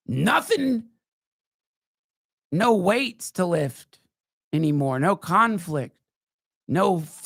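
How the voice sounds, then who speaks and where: A man hosting a podcast, telling rambling, profane stories in a wry, casual way, now and then jumping into high mocking voices. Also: vocal fry, a bit bright, no echo, clean studio sound. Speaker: podcast host. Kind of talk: casual storytelling monologue. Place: live show.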